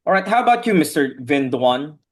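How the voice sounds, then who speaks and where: A man's voice: a little high, very animated, a little fast. A man teaching an online English class over a video call, patiently correcting his students' pronunciation word by word.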